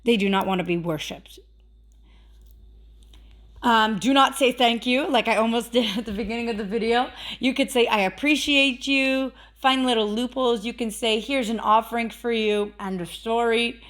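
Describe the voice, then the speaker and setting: A fairly high-voiced woman talks through a casual instructional vlog. She is chatty and loose, leaning on fillers and repeating her warnings for emphasis. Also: steady tone, moderate pace, fairly bright tone. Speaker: witchcraft video host.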